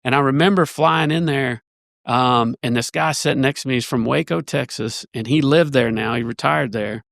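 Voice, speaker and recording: A man, a church elder, telling a long story in a casual podcast conversation, rambling and animated with many restarts. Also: mid-range voice, moderate pace, vocal fry, dry recording, studio quality.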